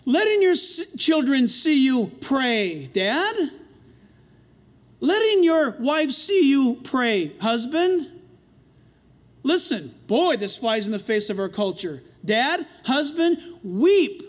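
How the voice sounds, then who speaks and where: A middle-aged man preaching a sermon as pastor, swinging between loud passionate lines and quiet asides. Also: extremely high pitch, very animated, slow pace.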